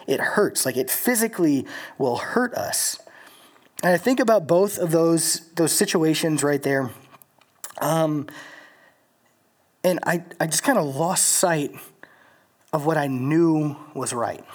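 A young man from Louisiana leading a college group, telling stories in a casual, rambling sermon full of filler words and restarts. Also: high voice. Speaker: college ministry leader. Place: in front of a live group.

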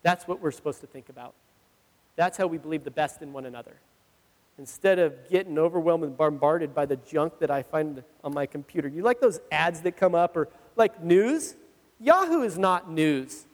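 A man pastor preaching a sermon, telling personal stories in an animated, conversational way and laughing at himself. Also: on the high side, normal speed. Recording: long reverb of a large hall.

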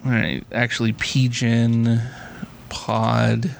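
A young man hosting a podcast, with a flat General American accent tinged with Southern California, chatting casually, laughing often and saying "like" constantly. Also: medium pitch, takes it slowly, vocal fry. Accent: General American with a Southern California lilt. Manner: rambling, laughs often, heavy use of "like". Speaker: podcast host. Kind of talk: casual chat.

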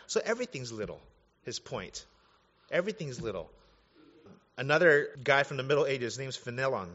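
A man in his thirties, a pastor preaching an animated, conversational sermon with casual asides. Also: mid-range voice, moderate pace. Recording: dull sound, long hall reverb.

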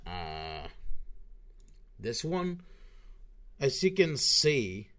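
A man's voice: medium pitch, sing-song, drawn-out words, fairly bright tone. A young man ranting through online commentary over a screen recording, profane and sarcastic, often restarting his sentences.

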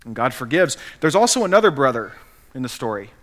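A pastor preaching a sermon in an animated, emphatic storytelling manner. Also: male voice, medium pitch, fairly quick.

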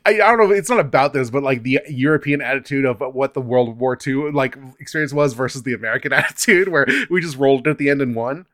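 A man in casual film-discussion chat, speaking at an ordinary middle pitch. He rambles loosely, laughs a lot and drops the odd curse word. The recording is close and dry, with no room sound. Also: fast, hardly any pauses, fairly bright tone, no echo. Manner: laughs often, swears, loose rambling phrasing.

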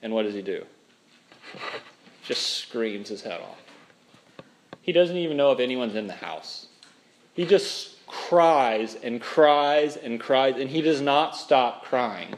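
A man from Minnesota preaching a sermon as pastor, telling stories with animated, dramatic emphasis. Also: medium pitch, takes it slowly, long pauses, slight background noise.

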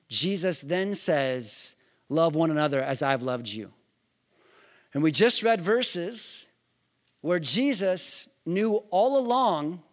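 Preaching in a conversational style, the pastor quizzes his congregation and dramatizes passages from scripture. His voice leans high and carries a bit of brightness.

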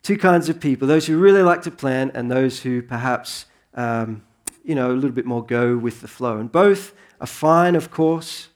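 A man in his thirties preaching a sermon in a relaxed, conversational way that rises into earnest emphasis. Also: mid-range voice, normal speed. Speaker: pastor.

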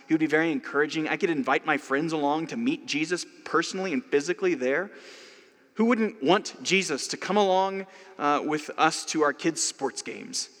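A man's voice: a little high, a bit bright, big-room sound. A man preaching a sermon in a conversational way, with casual asides. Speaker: pastor.

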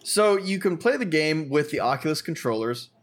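A young man co-hosting a podcast talks casually in a fairly high, expressive voice at a normal speed. He's enthusiastic and goes into eager detail explaining gear.

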